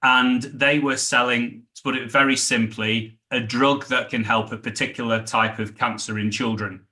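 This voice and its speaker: A middle-aged British man, a sales trainer, telling animated stories in a podcast interview and acting out the dialogue. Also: medium pitch, normal speed. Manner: animated anecdotes, acts out quoted dialogue.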